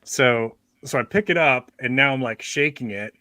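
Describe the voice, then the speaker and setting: A man's voice: medium pitch, normal speed, pushed and bright, no echo, clean studio sound. A man hosting a podcast, telling a rambling, joking story in casual chat with many restarts. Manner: rambling, self-interrupting, joking. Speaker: podcast host.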